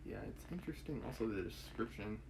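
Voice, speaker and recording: A man's voice: fairly low pitch, background noise. Man reading a novel aloud on stream. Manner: thinks aloud, musing and self-correcting. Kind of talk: casual read-aloud with commentary. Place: home setup, live stream.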